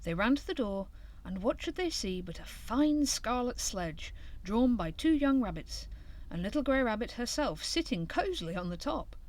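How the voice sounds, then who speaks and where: Expressive woman reading a storybook. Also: a little high, normal speed. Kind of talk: reading a children's storybook aloud.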